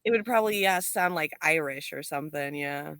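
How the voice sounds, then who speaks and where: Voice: mid-range voice, a little fast, bright, forceful tone, smooth, no room sound, clean studio sound. A podcast co-host in casual chat, answering with short reactions and giggles.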